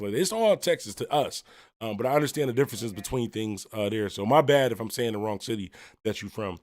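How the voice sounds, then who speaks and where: A man's voice: medium pitch, animated, fast talker, no echo. A man from Buffalo, New York, hosting a music talk livestream, chatting loosely and rambling with lots of fillers as he reacts to viewer comments. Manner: rambling and conversational, full of fillers and shout-outs. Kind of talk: casual livestream chat, reading viewer comments.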